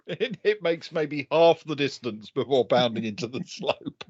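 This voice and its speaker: A man's voice: medium pitch, expressive, slow, long pauses, husky, no room sound, highs cut off. A man narrating as game master of a tabletop game, chuckling and hesitating with many fillers.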